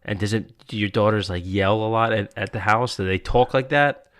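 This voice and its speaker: A man's voice: on the low side, fairly quick, fairly bright tone, clean tone. A man hosting a casual podcast, telling stories in a loose, chuckling way with a New Jersey accent. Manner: laid-back, chuckling, loose storytelling. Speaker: podcast host. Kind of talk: casual chat.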